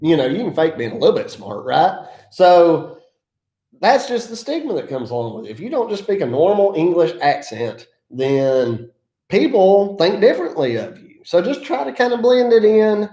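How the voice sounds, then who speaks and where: Talking in an echoey room, this Appalachian-accented man from the mountains of North Carolina shares folksy, self-deprecating business tips on his casual vlog as a land clearing contractor. His voice is high-pitched and mellow, swinging widely in pitch at a moderate pace.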